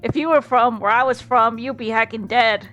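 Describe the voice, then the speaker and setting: A woman's voice: on the high side, moderate pace, fairly bright tone, highs cut off, soft background music. A woman streamer giving jokey, giggly commentary while playing a story game. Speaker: VTuber streamer. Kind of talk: casual gameplay commentary.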